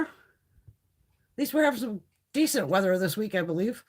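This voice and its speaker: A middle-aged woman talks off the cuff to her live-stream viewers, swearing freely and playing out both sides of remembered conversations. Her voice swings widely in pitch and carries a slightly husky, breathy edge. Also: fairly quick, pauses often. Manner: swears constantly, chatty and animated, acts out quoted exchanges. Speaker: beauty vlogger chatting with live viewers. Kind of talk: casual live-stream chat.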